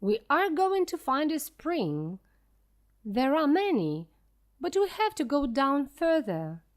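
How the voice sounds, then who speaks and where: A woman reading the lines of an excited elderly male professor explorer, explaining slowly and clearly. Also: high voice, pitched above the performer's own voice, heavily acted. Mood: urging.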